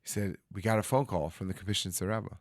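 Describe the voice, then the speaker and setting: A man's voice: lowish voice, steady tone, fast talker, dry recording, clean studio sound. A man, a rabbi telling a story and acting out the voices of the people in it. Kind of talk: storytelling talk. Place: studio.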